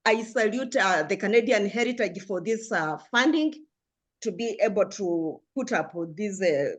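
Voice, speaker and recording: A woman's voice: mid-range voice, lively intonation, moderate pace. Passionate older woman panelist. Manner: passionate, earnest, with many restarts. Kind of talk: panel discussion remarks.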